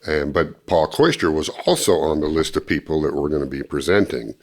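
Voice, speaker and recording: An older man, interviewed, recounting a personal story and acting out what others said in lively bursts. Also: extremely low pitch, brisk. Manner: animated storytelling, acting out quoted speech. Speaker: interviewee, former ministry student.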